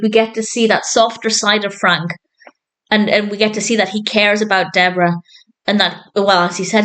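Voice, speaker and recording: A woman's voice: medium pitch, fairly bright tone, poor audio. A woman giving a casual spoken review of a TV episode, earnest and chatty, often laughing and repeating words as she goes.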